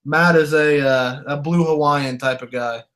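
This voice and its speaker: A man's voice: a little high, fairly even intonation, fairly bright tone. A man co-hosting a casual sports podcast, easygoing and teasing, with many "you know" fillers. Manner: laid-back, joking, drawn-out fillers. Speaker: podcast co-host.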